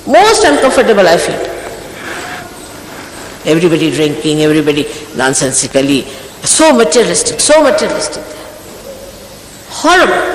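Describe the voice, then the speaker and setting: Stern woman in her sixties, echoey hall. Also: sits low. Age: 60s. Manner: stern, admonishing, rhetorical questions. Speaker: spiritual teacher. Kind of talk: scolding talk to followers. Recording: echoey hall, faint background hiss.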